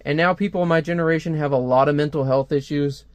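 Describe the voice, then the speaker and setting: Young male comic reviewer, a bit high-voiced, sarcastic and playful, dry close recording. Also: fairly even intonation, fast, clear, resonant tone, no echo. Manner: jokey, sarcastic, breaks into silly put-on voices. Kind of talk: casual comic review with read-aloud voices.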